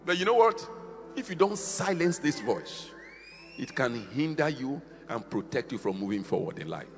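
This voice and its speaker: Man, preacher, fiery sermon, gravelly, animated pitch, faint music behind. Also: moderate pace, in a large hall. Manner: fiery preaching that swings between shouts and quiet stretches.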